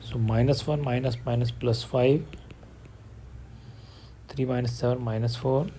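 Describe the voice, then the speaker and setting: A man's voice: mid-range voice, a little slow, a little hiss or hum. A man teaching a math lesson, talking through each step of a problem aloud. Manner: steady step-by-step explaining, working problems aloud. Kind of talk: online math lesson, mixing English and Hindi.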